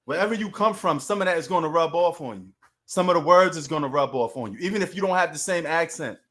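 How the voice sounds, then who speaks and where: High-voiced New York man ranting casually. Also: quick pace. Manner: animated, street slang, talks to chat. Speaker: sports live-stream host. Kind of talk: casual live-stream chat.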